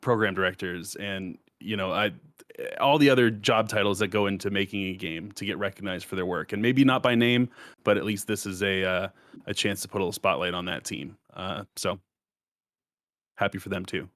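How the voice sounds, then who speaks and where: A man with a lowish voice recorded dry and close. He chats casually on a podcast, hesitating and restarting often as he searches for words. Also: a little fast, fairly bright tone, dry recording. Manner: hesitant, many fillers and restarts. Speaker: podcast co-host.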